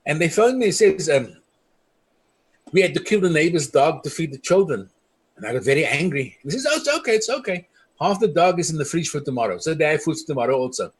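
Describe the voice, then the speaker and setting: A middle-aged man from South Africa speaks with a husky, slightly high voice. He tells his stories earnestly, quoting the people he met along the way. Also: animated, a little fast. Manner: earnest storytelling, quoting others. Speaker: community leader. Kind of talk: impassioned speech.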